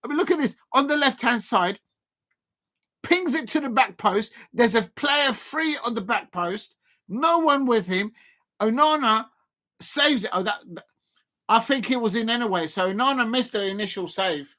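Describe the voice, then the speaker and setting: A man doing live football reaction commentary as a streamer, chatty and quick to exclaim. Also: very high voice, lively intonation, pushed and bright. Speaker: live watch-along streamer.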